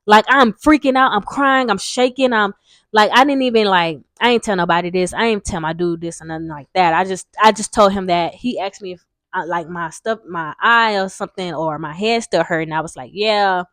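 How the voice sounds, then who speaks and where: A woman's voice: lowish voice, a little fast, fairly bright tone, dry recording. Rambling young woman, dry close sound. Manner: rambling, frank, swears freely, many fillers. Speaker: vlogger. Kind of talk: casual storytime vlog.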